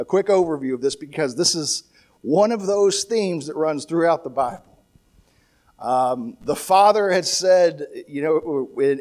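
A man's voice: fairly high pitch, a little mellow. A man preaching a sermon in a conversational way, with restarts and asides, lifting his voice when he quotes scripture. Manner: talks with restarts and asides, light laughs.

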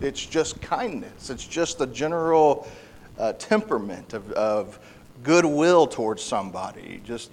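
A man preaching a sermon in an earnest, halting way, often restarting and repeating words. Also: mid-range voice.

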